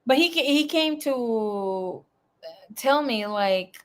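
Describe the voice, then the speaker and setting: A young woman runs a casual tarot reading from home, drifting into rambling personal stories. She swears freely and her volume jumps from loud bursts down to quiet mumbling. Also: on the high side, expressive, slow pace. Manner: chatty, swearing, rambling asides. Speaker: tarot reader.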